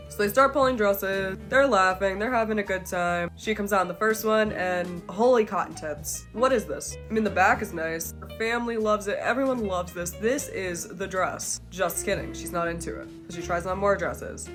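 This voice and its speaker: A woman's voice: mid-range voice, moderate pace, fairly bright tone. A woman giving a sarcastic, swearing recap of a reality TV episode in casual chat. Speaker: commentary creator. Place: green screen video setup. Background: faint guitar music.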